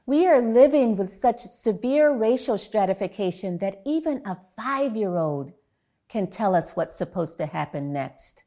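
Slow, measured woman giving a talk. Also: mid-range voice, animated, warm tone. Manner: measured, deliberate storytelling. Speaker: psychologist. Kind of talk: public talk.

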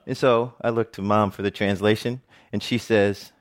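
A man's voice: on the low side, normal speed, few pauses. A middle-aged man, a TV presenter, giving a personal storytelling talk with jokes and frequent laughter. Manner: animated, jokey storyteller who laughs often.

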